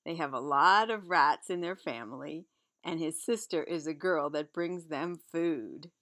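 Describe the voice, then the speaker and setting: A woman reads a picture book aloud in a low, gentle voice. She takes her time over each line and stops to chat about the pictures. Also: a little slow. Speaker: reader.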